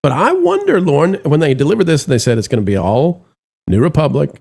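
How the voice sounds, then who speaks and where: A man's voice: mid-range voice, lively intonation, quick pace, vocal fry, mellow. A man hosting a commentary chat show, talking theatrically to his co-host and the audience in a mock-solemn, playful way.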